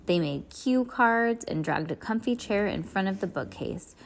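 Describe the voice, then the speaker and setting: A woman reads a children's chapter book aloud at home. She is expressive and chatty, breaking off for playful asides to a young listener, in a voice of middle pitch. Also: unhurried, slight background noise. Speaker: reader of children's books.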